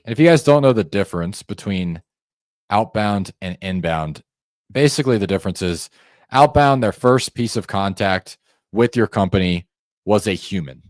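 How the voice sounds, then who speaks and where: Low-voiced man coaching sales calls. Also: animated, moderate pace, no room sound, studio quality. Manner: coaching, demonstrates phone tones by acting out calls; conversational, addresses viewers directly. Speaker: sales trainer. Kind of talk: instructional screen-share walkthrough.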